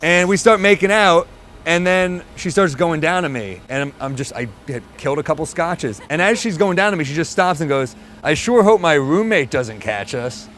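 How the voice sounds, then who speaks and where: On stage in front of a live crowd, whose noise is audible, a male comedian tells a story and performs the voices of its characters. His voice is fairly high and a bit bright, with lively intonation, and he adds quick asides.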